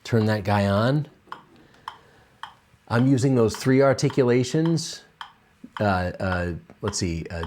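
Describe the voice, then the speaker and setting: A man's voice: fairly low pitch, a little slow, slight background noise. A man teaching a piano lesson on video, enthusiastic and encouraging, with frequent fillers and restarts as he explains. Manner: enthusiastic, encouraging, counts and scats rhythms aloud.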